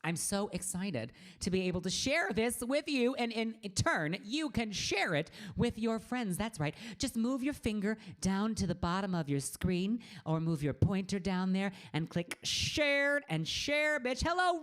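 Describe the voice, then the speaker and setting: A middle-aged woman, a singer hosting her own live stream, chatting in a bubbly, campy way and greeting viewers by name from a room at home. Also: on the high side. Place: home room with a green screen.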